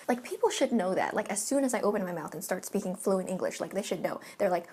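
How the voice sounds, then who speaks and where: A woman's voice: mid-range voice, expressive, fast, few pauses, a little mellow, breathy edge. A young woman from California talking in casual commentary, emphatic and ranting, swearing often. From California, United States. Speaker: vlogger.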